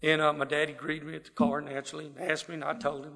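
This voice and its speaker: A man's voice: on the high side, steady tone, fast talker, hardly any pauses, pushed and bright. A middle-aged man from South Texas with a Texas drawl, telling a folksy, self-deprecating personal story to a live audience. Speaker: speaker sharing his recovery story. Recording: long hall reverb.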